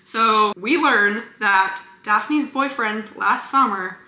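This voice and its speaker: A woman chatting casually as a book vlogger, gushing about her favorite reads with quick, enthusiastic asides. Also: mid-range voice, bright, forceful tone, echoey room. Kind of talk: casual book review chat.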